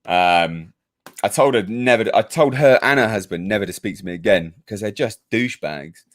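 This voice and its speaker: A man's voice: fairly low pitch, animated, normal speed, fairly bright tone. A British man hosting a casual live stream, reading viewer comments and telling a profane, ranting story about a neighbour. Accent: British English. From United Kingdom. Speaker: YouTube reviewer hosting a live hangout.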